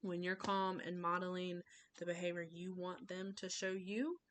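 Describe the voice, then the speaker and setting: A woman's voice: on the low side, steady tone, normal speed, fairly bright tone, slight background noise. A young woman giving an informal class speech over a webcam, casual and full of fillers and restarts.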